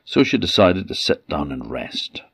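A man from Orkney with an Orcadian Scottish accent, telling a folktale in a lively, animated way. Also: sits low, measured pace, vocal fry, breathy edge, no echo. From Orkney, Scotland. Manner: lively, animated, voices every character. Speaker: storyteller. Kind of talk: folktale storytelling. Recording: dull lo-fi dry recording.

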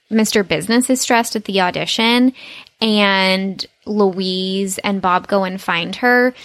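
A woman's voice: medium pitch, fairly bright tone, no echo. A woman co-hosting a podcast, chatting playfully about a cartoon episode and laughing easily. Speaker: podcast co-host.

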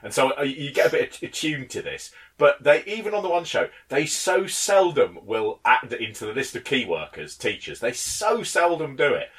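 A man's voice: medium pitch, sing-song, moderate pace, few pauses, fairly bright tone. A man co-hosting a casual chat, wry and teasing. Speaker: podcast co-host.

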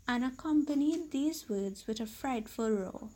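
A woman reads a classic tale aloud at a steady, measured pace. Her voice is fairly high and clear. The delivery is calm and even, like a bedtime story. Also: rough recording. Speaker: story reader.

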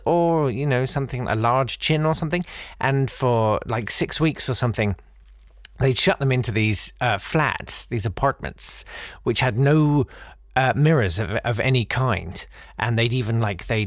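A man's voice: mid-range voice, dry recording, clean studio sound. A man hosting a podcast who reads a listener's story aloud, breaking off for wry, digressive asides and theatrical readings. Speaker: podcast host.

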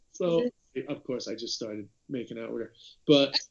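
A man's voice: mid-range voice, moderate pace, creaky, muffled recording, crowd noise. An Irish man co-hosting a casual podcast chat over a video call, telling stories animatedly with many restarts. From Ireland. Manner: animated storyteller, frequent restarts. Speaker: podcast co-host.

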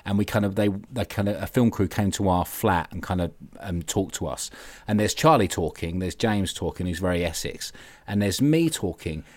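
A man with a South London accent talks through a casual podcast chat, his low voice rising and falling a lot as he tells his story. He swears freely and leans on likes and ums between thoughts. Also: lively intonation, moderate pace, no echo. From England. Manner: chatty, swears freely, many fillers. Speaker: guest.

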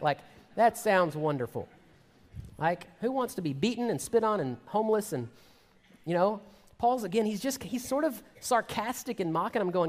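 A man's voice: high-pitched, a little mellow, big-room sound. A man preaching a sermon in a conversational style, acting out sarcastic paraphrases.

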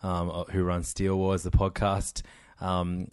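A man's voice: deep voice, completely flat delivery, unhurried, a little mellow, smooth, dry recording, studio quality. A young man co-hosting a late-night podcast, telling stories with hesitant fillers. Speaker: podcast co-host. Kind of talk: casual late-night chat.

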